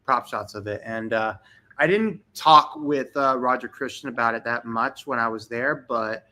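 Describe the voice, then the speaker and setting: A man joins a livestream video call as a guest, talking enthusiastically and rambling on at length in a casual chat. His mid-range voice has a sharp tone, and his pace is normal.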